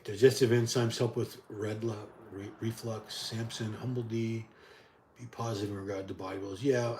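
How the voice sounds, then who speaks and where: A man's voice: lowish voice, a little mellow, echoey room. Man hosting a casual live chat Q&A. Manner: conversational, answers chat questions one by one, frequent restarts. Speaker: host answering live chat questions.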